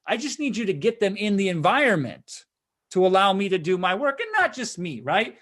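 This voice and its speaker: Middle-aged male webinar host, slightly high voice, loose conversational sales pitch. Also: very animated, fairly quick, fairly bright tone. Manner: conversational, frequent "right?" tag questions. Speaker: webinar host and marketing consultant.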